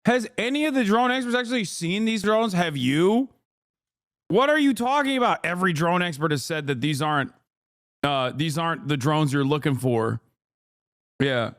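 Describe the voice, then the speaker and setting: Sarcastic streamer man with a smooth voice. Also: fairly high pitch, expressive, moderate pace, a bit bright. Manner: sarcastic, exasperated, swearing. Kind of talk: live stream reaction commentary.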